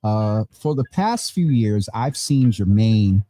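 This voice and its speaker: A man's voice: lowish voice, slow pace. Tired man hosting a casual chat. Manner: tired, relaxed, chatty with laughs. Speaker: host. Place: hot room at home with vents and fan. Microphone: phone or video call.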